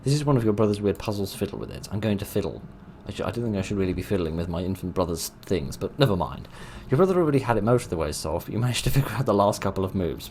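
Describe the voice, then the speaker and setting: A man's voice: lowish voice, a little mellow, slight background noise. A young man commentating his own game playthrough in a wry, self-mocking way. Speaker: let's play host. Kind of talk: gaming commentary.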